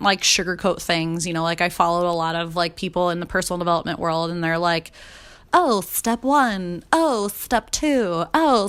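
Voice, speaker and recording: A woman's voice: on the low side, a bit bright, clear, resonant tone. A woman in her thirties telling her personal story in a candid, chatty way, with lots of fillers and some swearing. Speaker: podcast host.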